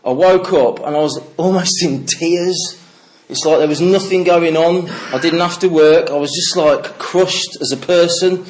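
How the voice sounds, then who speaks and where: A man's voice: a little high, a little slow. A middle-aged man from the English Midlands giving a candid personal recovery talk to a meeting, swearing freely and telling stories with laughter. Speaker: recovery speaker.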